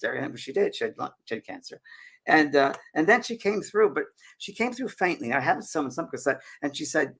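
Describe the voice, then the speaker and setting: A man hosting a live talk show, telling a personal story in an animated way with frequent restarts. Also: mid-range voice, moderate pace, creaky. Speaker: host.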